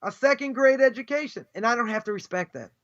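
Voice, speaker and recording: High-pitched, emphatic male rabbi lecturing. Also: expressive, quick pace, a bit bright, muffled recording. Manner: emphatic, scornful rhetorical questions. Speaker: rabbi teaching a class. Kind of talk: live Torah lecture.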